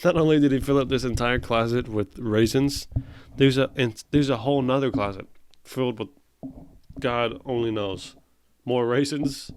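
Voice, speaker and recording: A man's voice: medium pitch, normal speed, slight background noise. A man hosting a comedy show, reading comic strips aloud and ranting at them in mock outrage. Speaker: host.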